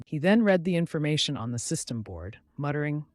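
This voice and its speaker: A man's voice: on the high side, big pitch swings, brisk, few pauses, dry recording, clean studio sound. A man narrating a comic story recap in a scripted storytelling style.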